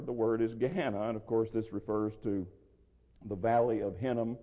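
A man teaching through a Bible passage verse by verse, measured and explanatory, with a dry throat he soothes with water. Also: lowish voice, steady tone. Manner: measured, explanatory, restarts phrases. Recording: lo-fi with long hall reverb.

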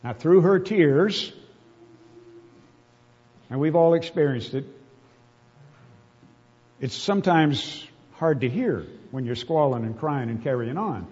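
A man's voice: on the high side, animated, slow pace, pauses often, darkish tone, husky. A man preaching a sermon, reading scripture aloud with earnest, emotional emphasis. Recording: dull reverberant hall.

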